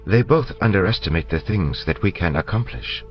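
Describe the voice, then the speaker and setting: A man voicing a calm, formal male scholar in an audiobook, polite and measured, on a dull lo-fi recording with faint music. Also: low-pitched, voice pushed up.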